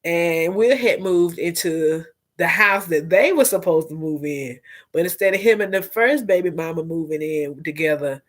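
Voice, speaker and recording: A woman hosting a casual gossip vlog, animated and profane, laughing and talking straight to her viewers. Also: lowish voice, moderate pace. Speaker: vlog host.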